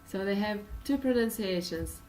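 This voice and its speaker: A woman's voice: mid-range voice, expressive, normal speed, darkish tone, far from the mic, slight background noise, low-quality recording. A woman from Russia with a Russian accent, teaching an English pronunciation lesson with many uh and um fillers and patient explanations.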